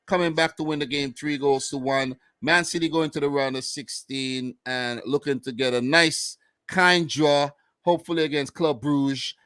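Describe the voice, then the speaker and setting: A Vincentian man talks football in a relaxed, slangy way, sometimes drifting into island dialect. His voice sits a little higher than most men's. The sound is dry and close. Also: normal speed, clean tone, dry recording. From Saint Vincent. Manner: laid-back, slangy, slips into island dialect. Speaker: co-host. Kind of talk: casual football chat.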